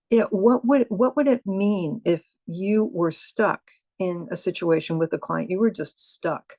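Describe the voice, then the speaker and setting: A woman's voice: medium pitch, darkish tone, dry recording. An older woman, a coach, talking casually about AI in a chatty, emphatic way with exclamations and asides. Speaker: coach and speaker on AI. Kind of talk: casual monologue.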